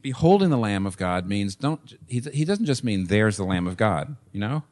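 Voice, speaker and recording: A man in his sixties preaching a sermon as pastor, emphatic, with sudden rises and soft drops. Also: fairly low pitch, sing-song, moderate pace.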